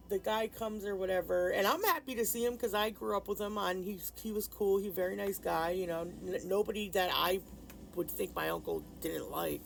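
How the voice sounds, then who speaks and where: A woman's voice: medium pitch, creaky, low-quality recording. A woman vlogger casually telling a rambling personal story, full of fillers and restarts. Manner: subdued and grieving in later part. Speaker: nail art vlogger.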